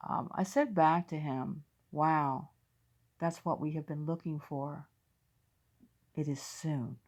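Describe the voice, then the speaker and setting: Low-pitched american lady, chatty, reading viewer dreams to camera. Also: steady tone, slow, a little mellow. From United States. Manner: chatty, talks straight to viewers. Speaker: host of a faith video channel.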